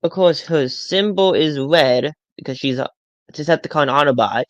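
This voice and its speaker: A man's voice: fairly high pitch, moderate pace, no echo, dull audio. A man chatting casually on a live stream as a toy collector, rambling and often stammering over his words.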